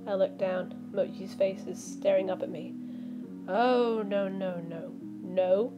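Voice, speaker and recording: A woman reading a visual novel aloud as a let's play streamer, voicing the lines and breaking off into animated asides. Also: medium pitch, slow pace, muffled recording. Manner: animated, reacts with outbursts and asides. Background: background music.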